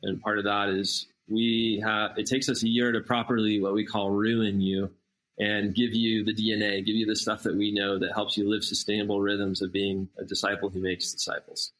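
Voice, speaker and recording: Animated man telling a story. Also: fairly low pitch, moderate pace, poor audio. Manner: animated, acts out quoted dialogue. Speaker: missionary guest. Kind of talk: casual storytelling.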